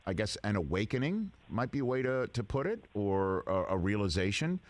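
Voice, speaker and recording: Low-voiced talk show host. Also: male voice, very animated. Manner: halting, searching phrasing with restarts. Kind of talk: interview questions.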